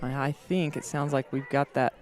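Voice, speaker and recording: A man giving live commentary on a school race from indoors, chatty and quick to laugh. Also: mid-range voice, fairly even intonation. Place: indoors, watching on a big screen.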